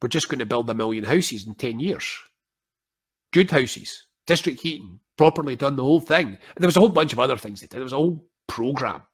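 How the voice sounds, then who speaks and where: An older Scottish man in casual conversation, an animated storyteller who acts out quoted voices with wry humour. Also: mid-range voice, fairly quick, breathy edge. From Scotland.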